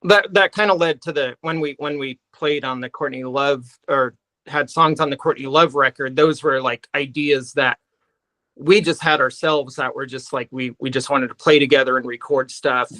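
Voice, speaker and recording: A man, a guest musician, answering in a halting way full of pauses and restarts. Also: mid-range voice, fairly even intonation, sharp tone, no room sound, low-quality recording. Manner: halting, many fillers and restarts. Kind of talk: casual interview chat.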